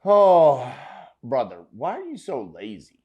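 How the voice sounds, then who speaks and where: A man hosting a reaction video, talking loudly and emphatically, with casual swearing. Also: mid-range voice, animated, moderate pace, highs cut off. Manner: loud, emphatic and profane. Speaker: host reacting to clips.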